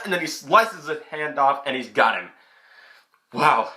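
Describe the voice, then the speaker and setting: A man's voice: medium pitch, a little slow. A young man giving a casual, chatty film review into his camera. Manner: chatty, excitable, many restarts. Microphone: camera mic.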